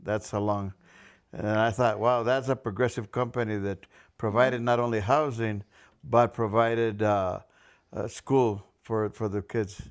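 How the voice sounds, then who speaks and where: An older man hosting a community storytelling event, adding a relaxed remark in a low, smooth and resonant voice. His talk is easygoing and conversational. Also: measured pace. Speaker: host. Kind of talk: casual chat.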